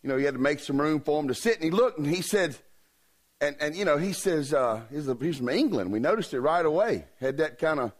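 Revival preacher, folksy and jokey, kinda high voice. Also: male voice, expressive, fairly quick. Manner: folksy, joking. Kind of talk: humorous sermon storytelling.

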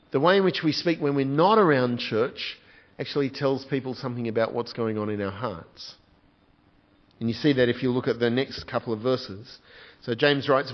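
Earnest pastor preaching. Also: male voice, mid-range voice, dull audio. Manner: earnest, asks the congregation direct questions. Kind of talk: sermon.

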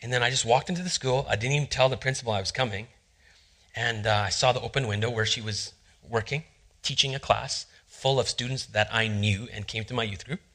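A middle-aged male pastor preaching a sermon, telling a personal story and acting out the quotes in hushed voices. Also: medium pitch, a little fast.

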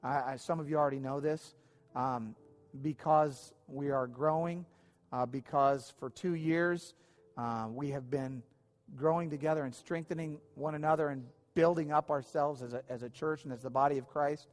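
A man's voice: fairly high pitch, fairly even intonation, moderate pace, big-room sound. A man preaching as the pastor of his church, earnest and informal, stumbling over his words when he is moved. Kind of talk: sermon. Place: church sanctuary.

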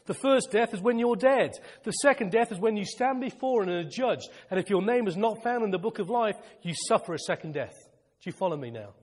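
A male preacher delivering a fervent sermon, repeating phrases for emphasis and sometimes shouting with excitement. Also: sits high, a little fast, hardly any pauses, in a large hall.

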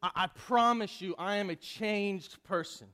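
Role: man playing apologetic customer. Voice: high male. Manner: stammering, pleading, repeating himself. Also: unhurried, sharp tone.

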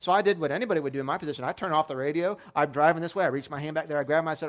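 A man's voice: a little high, rapid-fire, few pauses. A man preaching a sermon as pastor, telling stories in a casual, lightly humorous way. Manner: conversational storytelling with light humor.

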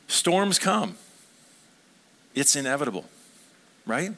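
A man's voice: fairly high pitch, sing-song, takes it slowly, bright, forceful tone. A man preaching a sermon as a pastor, talking conversationally and asking the congregation questions.

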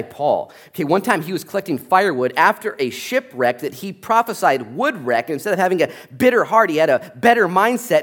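A man preaching a sermon as a pastor, telling stories with lively, animated energy and acting out the people in them. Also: fairly high pitch. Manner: animated storytelling, acting out voices.

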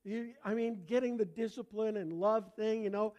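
An older pastor with a Canadian accent delivers a sermon, his voice sitting high for a man. He talks conversationally, slipping in jokes and inviting the congregation to answer back. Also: steady tone, moderate pace, few pauses, a little mellow. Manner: conversational, joking, asks congregation to respond. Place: church before a congregation.

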